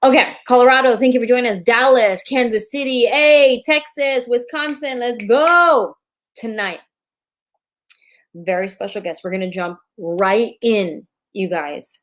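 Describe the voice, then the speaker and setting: A woman's voice: on the high side, unhurried. A woman hosting a casual livestream chat show from a borrowed bedroom, chatty and playful, joking through technical trouble over a laptop mic. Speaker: host.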